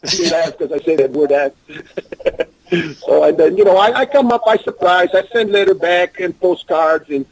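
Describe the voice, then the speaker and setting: A man's voice: sits high, normal speed, husky, poor audio. An older man with a Russian accent speaking broken English as an interview guest, often talking about himself in the third person. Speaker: guest, pro wrestler. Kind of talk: casual interview talk.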